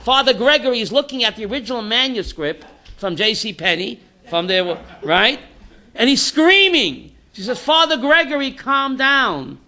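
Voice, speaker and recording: Rabbi leading a class. Man, high and bright, animated storyteller who acts out his jokes. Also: moderate pace. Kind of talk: informal Torah class with jokes.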